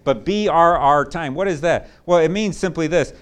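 A man preaching a sermon as pastor, swinging between loud, excited bursts and hushed, low asides. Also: normal speed, smooth.

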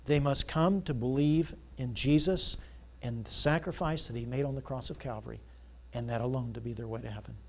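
Speaking fairly quickly at a medium pitch, a male pastor leads call-and-response questions during a Sunday sermon, having the congregation fill in words before rising to loud, emphatic preaching. He is heard in a church sanctuary via the church sound system mic.

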